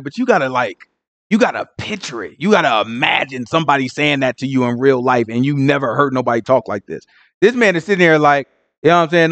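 An animated man leads a casual Bible study for a room with children in it. He talks in slang and keeps asking questions. His voice sits a bit high and swings widely, and the sound is dry and close. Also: fast, dry recording. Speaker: teacher leading a Sabbath Bible study.

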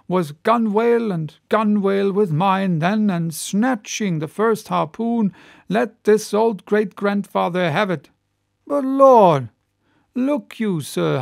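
A man's voice: high voice, creaky, dry recording, studio quality, heavily acted. A man voicing a good-humoured, chatty one-armed ship captain who tells a long yarn, in an audiobook reading.

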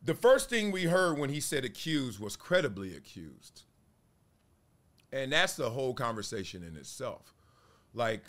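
Man, forties, show host, casual commentary, animated, lively pitch. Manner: animated, acts out voices and quotes.

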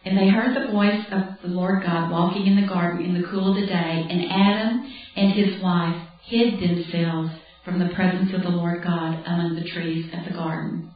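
A woman speaker teaching a conversational, animated sermon, often acting out bits of dialogue. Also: fairly low pitch, moderate pace. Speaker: Bible camp speaker. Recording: distant, roomy, dull lo-fi hall recording with faint music.

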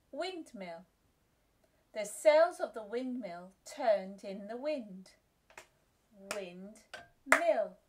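A woman teaching a phonics lesson to young children, slowly sounding out letters and syllables in a clear, patient way. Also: on the high side. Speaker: reception class teacher.

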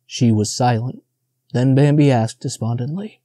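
Guy reading an audiobook, steady and measured, mellow voice, dry. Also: medium pitch, no room sound. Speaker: audiobook narrator. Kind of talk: audiobook narration.

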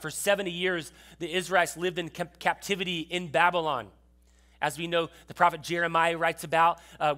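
A man's voice: a little high, sharp tone. A man pastor giving a sermon in a conversational way, often restarting his sentences and checking in with the congregation. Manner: conversational preaching with frequent restarts and asides to the congregation.

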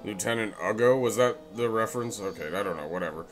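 A man playing a game, reading its dialogue aloud and cracking deadpan jokes between lines, with music faint behind him. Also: fairly low pitch, fast. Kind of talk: let's play commentary reading game text aloud.

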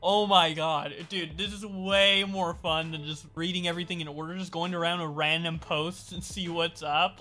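Bright-voiced, foul-mouthed woman commentator. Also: lowish voice, steady tone, normal speed, hardly any pauses, soft background music. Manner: profane, mocking, dramatic when reading aloud. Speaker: online commentator. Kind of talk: reaction commentary reading a document aloud.

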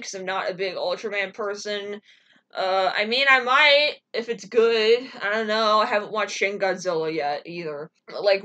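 A woman's voice: fairly high pitch, bright, forceful tone. A woman vlogging a casual, rambling reaction, gushing and emotional, swearing freely and full of fillers. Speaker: animation vlogger.

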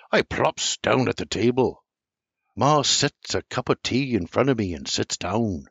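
Older guy, folksy storytelling, very lively voice, dry dull recording. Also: medium pitch, gravelly, slightly rough, no room sound. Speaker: audiobook narrator. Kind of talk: first-person storybook narration. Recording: dry, slightly muffled recording.

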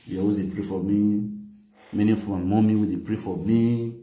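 Nigerian man, low and dark voice, excited live-stream chat, echoey room. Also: a little fast. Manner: excited, thankful, mixes English with pidgin and Yoruba. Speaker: vlogger doing a daily live video.

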